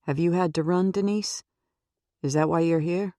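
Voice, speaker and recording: Narrator lady doing an older nun counselor, low mellow voice, soft gentle questions, dry close audiobook sound. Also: moderate pace, no room sound, natural voice. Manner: calm, gently probing questions.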